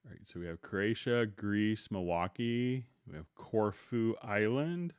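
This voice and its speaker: A middle-aged man hosts a live tutorial stream, chatting casually and greeting viewers by name. His voice sits low and comes across smooth and clear. He speaks slowly, recorded close and dry. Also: dry recording.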